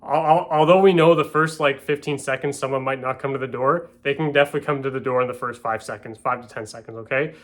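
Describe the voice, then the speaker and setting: A real estate agent talks through a door-knocking lesson from his home, at an everyday middle pitch. His delivery is casual and conversational. He often stops to play out a scene on the doorstep. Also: steady tone, fast, few pauses, fairly bright tone. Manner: chatty, checks in with "okay?" and "right?", acts out door-step scripts. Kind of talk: casual spoken sales lesson.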